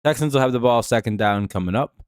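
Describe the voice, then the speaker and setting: A man's voice: mid-range voice, quick pace, clean tone, no room sound. A man hosting a live stream, giving laid-back, dry play-by-play and chatting with viewers. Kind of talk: casual game-watching commentary.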